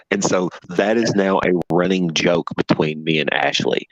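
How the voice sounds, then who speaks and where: A man from the American South, a podcast co-host chatting casually, telling animated stories, swearing and laughing as he goes. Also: low-pitched, a little slow, dry recording, rough recording. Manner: animated storyteller, swears freely, laughs often. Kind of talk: casual chat.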